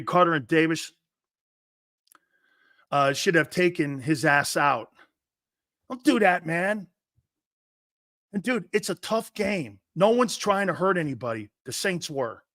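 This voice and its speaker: A man's voice: sits high, fairly bright tone, no echo, clean studio sound. A man hosting a live sports talk show, reading viewer comments and ranting in a brash, profane, fired-up way.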